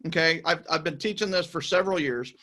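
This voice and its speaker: A man's voice: on the high side, fast talker, pushed and bright. A man hosting a podcast interview, talking in an enthusiastic, emphatic way and repeating his points. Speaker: podcast host. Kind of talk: casual interview chat.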